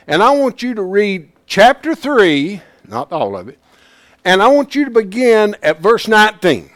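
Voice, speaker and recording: A man teaching a Bible class in a folksy, plain-spoken way, swinging from hushed asides to loud emphasis. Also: high voice, no echo, clean studio sound.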